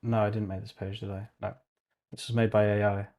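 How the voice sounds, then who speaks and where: A man's voice: lowish voice, little pitch movement, brisk, darkish tone. Man muttering to himself while coding. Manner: mutters to himself, swears casually. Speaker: vlogger coding on stream. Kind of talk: casual thinking aloud while working.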